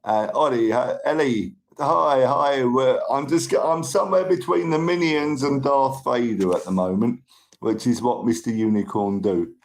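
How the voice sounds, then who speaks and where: A man's voice: medium pitch, unhurried. A middle-aged man, hosting a rambling live stream and greeting and thanking viewers. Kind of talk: casual live-stream chat. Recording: roomy room with faint noise.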